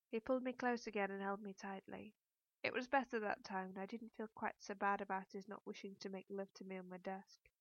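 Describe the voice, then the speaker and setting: A woman narrating a first-person novel in a measured, introspective way. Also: medium pitch, steady tone, no room sound, highs cut off. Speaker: audiobook narrator.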